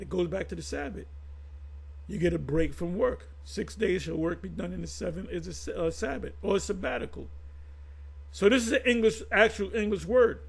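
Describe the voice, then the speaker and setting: A man's voice: high voice, vocal fry, breathy edge, rough recording. A man giving informal religious commentary to his viewers, reading definitions aloud and explaining them in a conversational way that often repeats itself.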